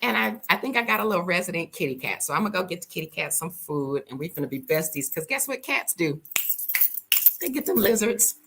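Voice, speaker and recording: A woman chatting casually to her viewers, telling animated stories with jokes and sudden high-pitched exclamations. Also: a little fast, husky. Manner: colloquial, joking, talks to viewers as y'all. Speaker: travel vlogger. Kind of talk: casual chat to camera.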